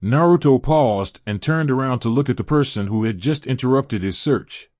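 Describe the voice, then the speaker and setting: A man reading fan fiction aloud in steady scripted narration. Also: mid-range voice, moderate pace, no room sound, clean studio sound.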